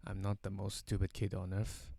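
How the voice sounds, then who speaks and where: A man's voice: deep voice, completely flat delivery, normal speed, creaky, mellow, dry recording. A man telling a casual anecdote, rambling with many fillers and tag questions. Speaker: storyteller.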